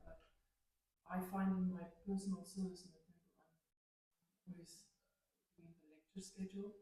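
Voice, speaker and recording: Husky, mellow voice asking a hesitant question. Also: medium pitch, rough recording. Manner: hesitant, searching for words. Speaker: audience member asking a question. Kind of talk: question from the audience.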